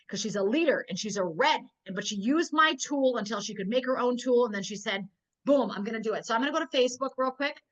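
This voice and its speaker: A woman's voice: fairly high pitch, quick pace, lo-fi sound. A woman teaching a sales team on a video call, telling stories with energy and often checking that her listeners are following. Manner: lively storyteller, keeps checking in with listeners. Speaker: network marketing trainer.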